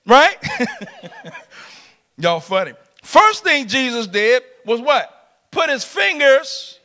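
A middle-aged man preaching a lively sermon in a church, shouting and laughing with the congregation. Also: very high-pitched, takes it slowly, pauses often. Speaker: pastor. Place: church sanctuary.

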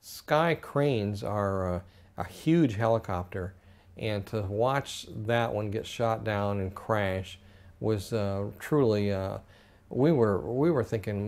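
An older man, a war veteran, recounting combat memories haltingly in a documentary interview. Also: lowish voice, a little mellow. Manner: halting, many fillers.

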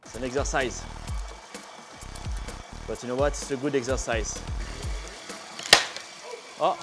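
A man's voice: medium pitch, steady tone, slow pace, long pauses. A middle-aged man with a French accent, a chef giving a chatty, playful cooking demonstration in a kitchen and dropping in French words. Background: background music and sizzling food.

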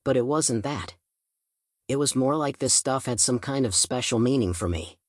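A man's voice: medium pitch, lively intonation, normal speed, no echo. Male audiobook narrator, casual chatty first-person telling, mid-range voice, dry close sound. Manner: casual teen-style storytelling.

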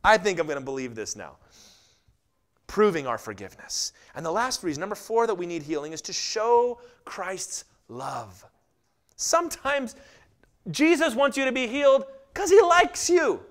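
A middle-aged man preaching a sermon, telling stories animatedly and acting out quotes in lively voices. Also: high voice, moderate pace. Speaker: pastor.

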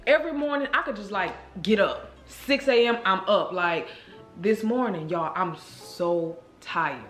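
A woman vlogger telling a story to her viewers in a chatty, animated way, speaking straight to the camera. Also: mid-range voice, a little slow, soft background music. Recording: roomy echo.

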